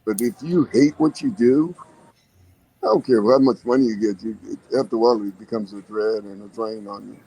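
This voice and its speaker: A man's voice: lowish voice, brisk, dark tone, breathy edge, low-quality recording. An older man in casual podcast chat, telling folksy stories about work and life and laughing often.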